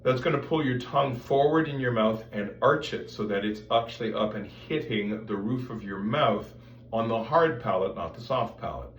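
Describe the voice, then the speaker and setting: Guy explaining voice warmups, singing vowels to show it, roomy echo, faint hum behind. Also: mid-range voice, normal speed, far from the mic. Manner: explains with sung vowel demonstrations. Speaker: voice teacher. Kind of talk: casual spoken lesson. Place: room with music stands and metal ductwork.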